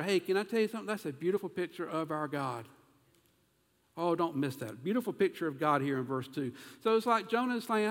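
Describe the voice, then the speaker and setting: A man delivers an animated sermon from a church sanctuary, and his voice sits a touch above the usual male pitch. Now and then he turns to question the congregation directly. A long hall reverb trails each phrase. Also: brisk. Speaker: pastor.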